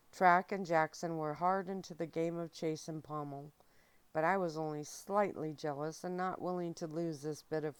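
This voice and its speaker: A woman narrating a novel in a soft, steady ASMR reading. Her voice is low and smooth and moves at an unhurried pace. It is recorded close up with a dry sound. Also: no echo. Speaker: audiobook reader.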